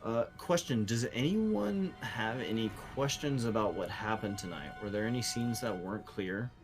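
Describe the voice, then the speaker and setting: A man's voice: on the low side, animated, moderate pace, over music. A man running a tabletop game, chatting easily and checking in with his players. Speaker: game master. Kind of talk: casual chat.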